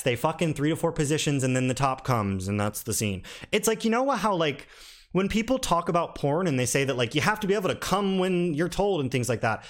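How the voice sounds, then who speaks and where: A man giving a casual spoken film review, frank and rambling, with lots of restarts and a candidly critical, mildly exasperated tone. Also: fairly high pitch.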